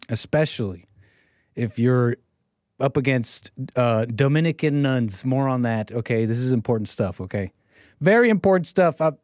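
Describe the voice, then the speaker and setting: A man hosting a call-in livestream show, rambling brashly and tossing out catchphrases in a slightly high voice. He is close to the mic in a dry room with no echo. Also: a little mellow. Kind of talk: casual livestream monologue.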